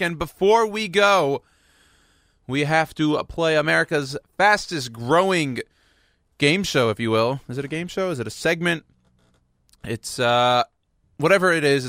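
A man's voice: medium pitch, bright, forceful tone, no echo. A man hosting a radio show, chatting casually in a rambling, playful, self-mocking way at a studio microphone.

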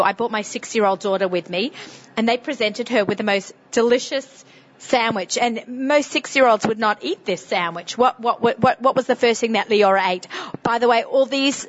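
Chatty woman with a strong Sydney accent. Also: on the high side. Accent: Sydney Australian. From Australia. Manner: chatty, laughs often, quick asides. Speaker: radio show host. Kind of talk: casual interview. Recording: slightly muffled recording.

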